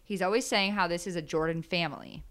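A woman's voice: on the low side, fairly even intonation, quick pace, fairly bright tone. A woman hosting a podcast, chatting casually, joking and reading quotes aloud. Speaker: podcast host. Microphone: podcast microphone.

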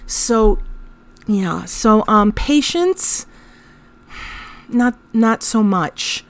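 Very slowly, in a medium-pitched voice with a little background noise, a woman in her thirties tells her podcast audience about her son. The storytelling is wry and self-deprecating, livening up when she's exasperated.

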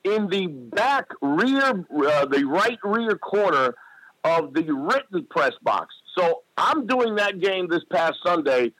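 A sports announcer, a man, tells a lively story as a guest. His voice is bright and slightly high, and it sounds dry and close with no room around it. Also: slow, dry recording, low-quality recording. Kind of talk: casual interview storytelling.

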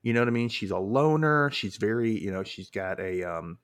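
A male podcast host chatting casually about a TV episode, with loose swearing and animated asides. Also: fairly low pitch, fairly quick. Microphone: podcast mic.

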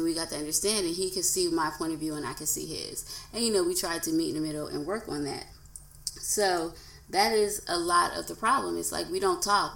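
A woman in her thirties talks through her solo podcast in a casual, earnest way. Her voice sits on the low side with a gravelly edge. The room around her mic is echoey. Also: a bit bright. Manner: earnest and conversational, acts out quoted voices. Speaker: podcast host.

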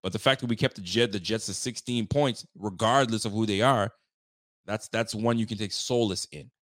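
Man, low voice, fired-up, slangy, casual live postgame host, dry close sound. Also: moderate pace, dry recording. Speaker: sports fan show host. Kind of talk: postgame livestream reaction, reading viewer chats.

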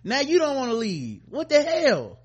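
A man's voice: extremely high pitch, huge pitch swings, moderate pace, breathy edge. A man hosting a podcast, joking loosely and laughing often. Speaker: podcast host. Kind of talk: casual podcast banter.

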